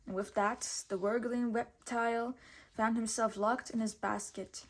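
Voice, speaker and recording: A woman teacher reading a storybook aloud slowly and carefully. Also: a little high, little pitch movement.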